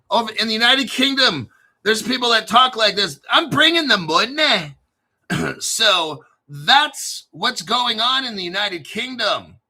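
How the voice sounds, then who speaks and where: A brash man hosts his crypto show off the cuff, cursing freely. His voice is very bright and pitched somewhat high. He drops into low grumbles, then jumps up into loud, excited outbursts. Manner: brash and profane, swinging from mumbled asides to loud hyped outbursts. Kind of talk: unscripted livestream commentary.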